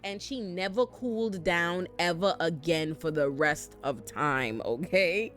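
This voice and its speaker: Lady doing a sassy tv recap, low voice, cussing, light music in back. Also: a little slow, few pauses. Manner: sassy, profane, animated. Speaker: host. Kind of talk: casual TV recap commentary.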